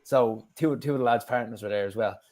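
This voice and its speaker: A man's voice: mid-range voice, a little fast, a little mellow. Irish guy chatting away, loads of "you know what i mean", swears a bit. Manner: chatty, swears casually, many fillers. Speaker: guest. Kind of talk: casual storytelling chat.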